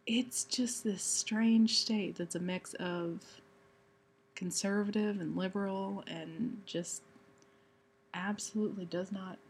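Slow, gravelly Texan woman. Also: medium pitch, a little hiss or hum. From Texas, USA. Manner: rambling, with many fillers and restarts. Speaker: vlogger answering a question challenge. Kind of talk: casual chat.

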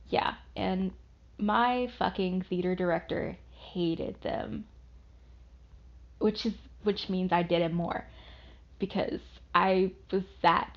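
A young woman from the American South drifts through a loose, unhurried ramble, cursing freely and laughing at herself. Her voice sits at an ordinary pitch, and the recording sounds dull and lo-fi. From Southern United States. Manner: rambling, swears often, self-deprecating. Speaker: vlogger. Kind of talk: casual rambling monologue.

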